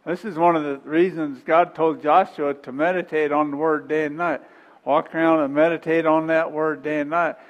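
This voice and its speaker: A man's voice: on the high side, flat delivery, normal speed, in a large hall, dull audio. A middle-aged man preaching a sermon in a folksy, conversational way, repeating phrases and chuckling between points.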